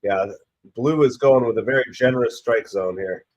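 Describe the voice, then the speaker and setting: Hoarse man calling a game casually. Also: normal speed. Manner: rambling, excitable about pitches. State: hoarse from a cold, stuffy nose. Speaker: live stream host. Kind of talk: casual play-by-play chat.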